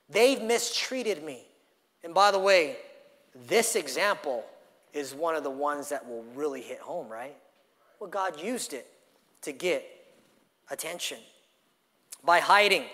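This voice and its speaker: A pastor delivering a sermon, telling a story and swinging from loud emphatic phrases to hushed lines. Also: male voice, a little high. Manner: dynamic preaching, storytelling with acted quotes, swings from loud to hushed. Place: church sanctuary. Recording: long hall reverb.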